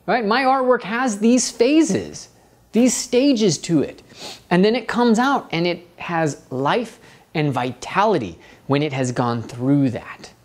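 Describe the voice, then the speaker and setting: A man's voice: high-pitched, unhurried. A middle-aged man who teaches art, telling a personal story and acting out his own inner voice. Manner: animated, acts out his inner voice.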